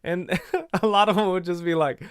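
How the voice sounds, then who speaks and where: Male livestream host, fairly high, smooth and dry-sounding, loose rambling chat. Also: normal speed, no room sound. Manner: rambling storyteller, retells conversations in quoted voices. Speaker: livestream host reading viewer comments. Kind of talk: casual chat.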